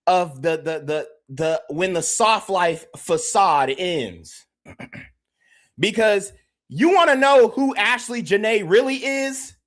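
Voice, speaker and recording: A man's voice: high voice, slow, a bit bright. A man hosting a podcast, ranting emphatically in a livestream commentary and repeatedly calling out to his chat. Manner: emphatic, repetitive, addresses the chat directly. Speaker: podcast host.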